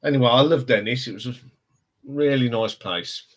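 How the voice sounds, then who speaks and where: A man's voice: mid-range voice, normal speed. A man with a Northampton accent, hosting a casual live stream chat and rambling with frequent laughs. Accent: Northampton English. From England. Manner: chatty, rambling, laughs often.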